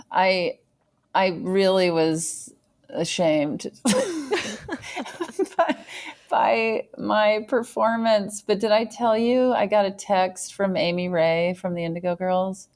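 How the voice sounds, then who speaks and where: A woman co-hosting a podcast, casual chat with a deadpan, understated delivery. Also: medium pitch, slow pace, long pauses. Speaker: podcast co-host.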